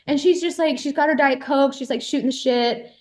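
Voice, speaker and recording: A woman guest on a podcast telling a story casually, lively and self-mocking, with lots of "like" and a bit of swearing. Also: high-pitched, brisk.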